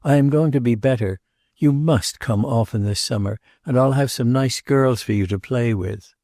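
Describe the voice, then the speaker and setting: Give me a theatrical, wistful society wife, as a male narrator puts her on, soft and dry. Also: medium pitch, normal speed, no room sound, close to an everyday voice.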